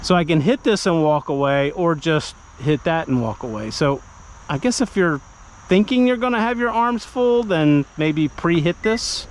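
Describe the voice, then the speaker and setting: A man with a slightly high voice gives a relaxed, conversational car review. He walks the listener through the vehicle in an animated, talky way and acts out little buyer exchanges. A faint hiss of background noise sits under the recording. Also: normal speed. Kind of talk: casual car review walkaround.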